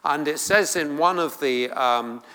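Slow-speaking preacher man in a reverberant hall. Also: on the high side, sharp tone. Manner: halting, many fillers and restarts, emphatic quotes. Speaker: preacher teaching on the Beatitudes. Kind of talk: sermon teaching.

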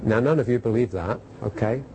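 A man's voice: medium pitch, brisk, warm tone, slight background noise, poor audio. A man preaching a sermon to a congregation in a conversational way, asking rhetorical questions and telling stories. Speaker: pastor.

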